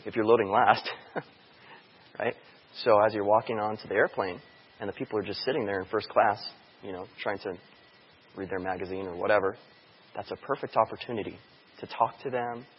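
A man's voice: medium pitch, slightly rough. A man giving a chatty church outreach talk to a live audience, telling stories and asking the room questions. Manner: anecdotal, chatty, quizzes the room. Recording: dull sound in a long-reverb hall.

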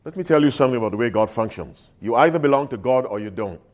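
Lively, emphatic male preacher. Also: mid-range voice, fast talker. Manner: emphatic call-and-response preaching, sudden loud and soft swings. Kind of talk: sermon.

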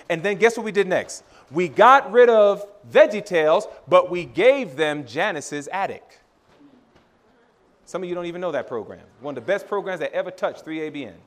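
A man's voice: high-pitched, a little fast. A male preacher giving a sermon to a congregation, acting out family dialogue and calling his listeners brothers and sisters. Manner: animated, laughing, acts out dialogue with his children; addresses audience as brothers and sisters.

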